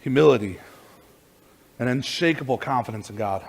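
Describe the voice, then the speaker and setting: A man preaching a sermon as pastor, telling a story with lively energy and many restarts and repeated words. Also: medium pitch, moderate pace, gravelly.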